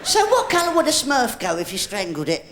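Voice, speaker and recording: A man's voice: very high voice, huge pitch swings, a little fast, heavy background noise. A man doing live stand-up comedy, teasing audience members in a cheeky way. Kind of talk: live stand-up with crowd banter. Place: large theatre stage. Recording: echoey live theatre tape with loud crowd.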